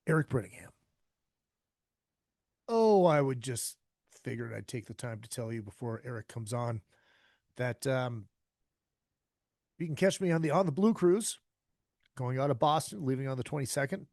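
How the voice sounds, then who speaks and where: A man's voice: fairly high pitch, creaky, a little mellow, dry recording, studio quality. A man from Minnesota hosting his own podcast from home, talking in a loose, rambling way with many fillers and restarts. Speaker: podcast host. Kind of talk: casual chatty show intro.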